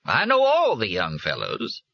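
A man reading aloud, voicing a genial, folksy teaching machine built as an old white-haired gentleman. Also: fairly low pitch, wildly swooping pitch, measured pace, gravelly, lo-fi sound, voice pushed up, heavily acted.

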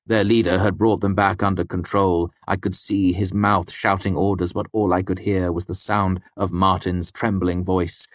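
A man narrating a first-person fantasy story in a measured, grave storytelling manner. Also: deep voice, flat delivery, no echo. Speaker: audiobook narrator.

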